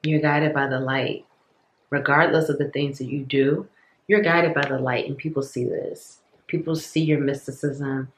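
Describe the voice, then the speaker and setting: Tarot reader rambling thru a reading, mid pitch, lots of like and you know, trips on words, roomy echo. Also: fairly even intonation, normal speed, slight background noise. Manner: rambling, filler-heavy, repeats itself; stumbles over words. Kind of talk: casual tarot reading to viewers.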